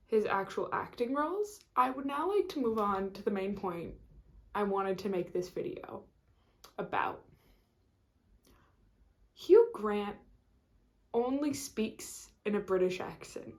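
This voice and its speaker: A woman vlogging in a casual, rambling chat to camera, full of fillers and restarts. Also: a little high.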